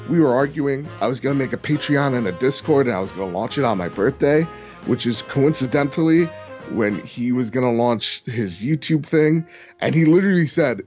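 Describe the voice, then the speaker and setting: A man's voice: mid-range voice, darkish tone. A young man in a casual podcast chat, telling a long frustrated story and swearing freely. He quotes other people in mimicked voices as he goes. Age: young adult.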